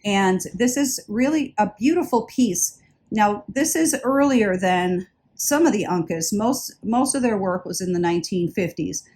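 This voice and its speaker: A woman's voice: medium pitch, animated, unhurried, darkish tone, husky. A woman vlogging a casual haul video about jewelry she bought, chatty and enthusiastic, often repeating words for emphasis. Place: indoors, traveling.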